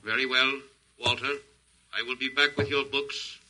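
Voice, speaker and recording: A man's voice: medium pitch, steady tone, normal speed, noisy background, close to an everyday voice. A man playing a cold, emotionless alien invader in an old radio drama, speaking in formal, clipped, machine-like statements.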